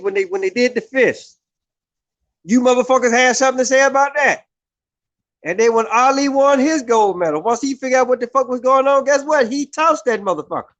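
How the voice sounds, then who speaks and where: Man, very high voice, vlogger ranting hard and cursing, circles back on points, keeps checking in with "right?". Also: a bit bright. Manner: heated, repetitive, keeps asking "right?". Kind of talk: profane opinion rant.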